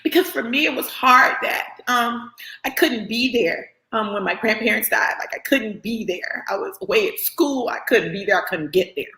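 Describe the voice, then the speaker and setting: Bright-voiced woman, roomy echo. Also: fairly high pitch, animated, normal speed. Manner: earnest, often asks the listener "right?". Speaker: motivational speaker. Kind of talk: personal motivational talk.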